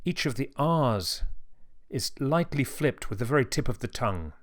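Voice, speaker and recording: A man teaching a beginner language lesson, modelling each word slowly and clearly for the learner to repeat. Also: mid-range voice, lively intonation.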